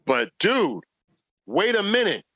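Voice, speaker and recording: A man co-hosting a sports talk podcast, ranting in an animated way and mocking players in put-on quoted voices. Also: high-pitched, slow, dry recording. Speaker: podcast co-host.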